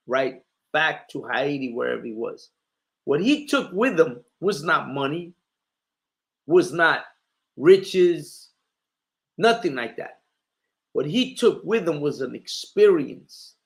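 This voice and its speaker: A man preaching a sermon, passionate and rhetorical, firing questions at his listeners with frequent fillers and restarts. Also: a little high. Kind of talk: street-style sermon.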